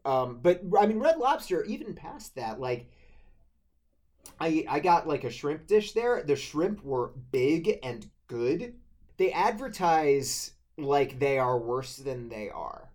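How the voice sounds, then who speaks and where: Brief: young male co-host, animated, slightly high voice, quick laughs. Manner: animated, laughs easily, stammering restarts. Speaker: podcast co-host. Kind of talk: casual chat.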